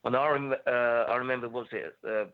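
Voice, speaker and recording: A man's voice: medium pitch, steady tone, a little fast. Australian man on a tinny phone line. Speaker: caller. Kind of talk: phone-in call.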